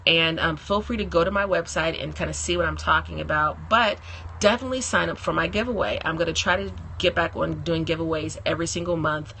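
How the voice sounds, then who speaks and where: A woman's voice: low-pitched, fairly quick, sharp tone, slight background noise. A woman hosting a casual live stream from her phone, chatting and laughing often and greeting viewers by name.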